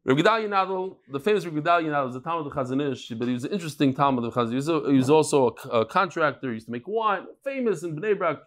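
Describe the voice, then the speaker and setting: A man with a high-pitched voice teaching a Talmud class. He is middle-aged and talks in a lively, joking way, with Hebrew and Yiddish terms scattered through his English. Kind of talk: Talmud lecture.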